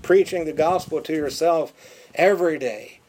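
In this sermon, a man with a fairly high pitch speaks emphatically, doubling up words for effect before easing into hushed, drawn-out phrases.

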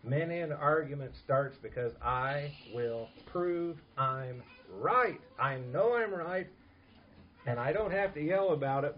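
Male pastor, earnest emphatic sermon, fairly high voice, dull lo-fi sound. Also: expressive, unhurried, a little hiss or hum. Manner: earnest, emphatic preaching with soft asides.

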